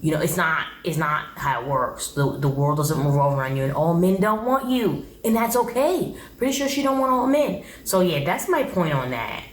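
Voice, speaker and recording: Brief: young woman, lowish voice, blunt opinionated recap host, echoey room with faint hum. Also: animated, normal speed, hardly any pauses. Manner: blunt, opinionated, exasperated commentary. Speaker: TV show reviewer. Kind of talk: casual recap vlog.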